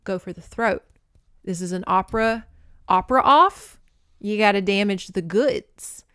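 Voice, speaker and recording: A woman podcast host giving a campy, animated comedic recap of a novel and slipping into character voices. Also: medium pitch, clear, resonant tone, no echo, studio quality.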